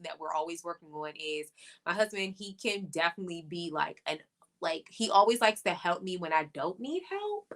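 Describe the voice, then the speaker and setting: A woman's voice: lowish voice, very animated, moderate pace, a bit bright. Chatty woman co-host, lots of laughs. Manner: chatty, laughs often, many fillers and restarts. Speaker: podcast co-host. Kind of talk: casual chat reviewing a reality show.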